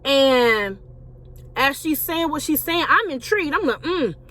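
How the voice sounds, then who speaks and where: A woman's voice: sits high, expressive, a little slow, fairly bright tone. A woman, a Christian life coach and author, telling her personal story to viewers in a conversational way, calling them y'all.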